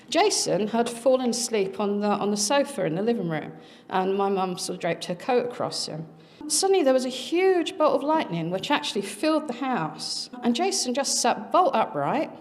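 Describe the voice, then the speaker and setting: A middle-aged woman speaking at a conference, earnestly recounting a family experience with dramatic pauses. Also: fairly high pitch, darkish tone. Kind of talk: personal storytelling talk.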